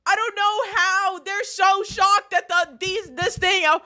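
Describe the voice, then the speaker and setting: A young woman talks casually on a live stream, mocking what she watches and laughing often. Her voice sits high and sounds bright and forward. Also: steady tone, slow pace. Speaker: streamer reacting to videos.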